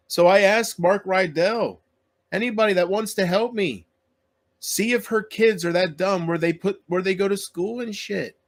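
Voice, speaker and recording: A man YouTuber in an emotional solo rant to his viewers, aggrieved and self-pitying, swearing often and trailing off mid-sentence. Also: a little high.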